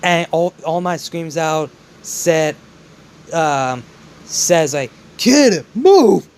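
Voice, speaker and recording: A man narrating a fan-made story in a casual, halting way with many restarts. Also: fairly high pitch, steady tone, clear, resonant tone.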